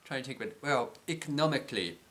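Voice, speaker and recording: A man's voice: medium pitch, lively intonation, fast talker, fairly bright tone. An Irish man rambling through a casual vlog monologue, hesitant, with many ums and restarted words. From Ireland. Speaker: vlogger.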